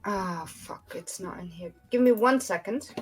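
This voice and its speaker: A woman's voice: medium pitch, a little slow, breathy edge, soft background music. A woman running a tabletop game as dungeon master, casual and a bit flustered, swearing now and then.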